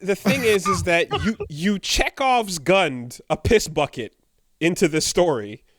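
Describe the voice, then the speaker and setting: A man's voice: high voice, lively intonation, a little slow, fairly bright tone, no room sound, studio quality. A man co-hosting a podcast, making wry remarks in casual chat. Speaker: podcast co-host.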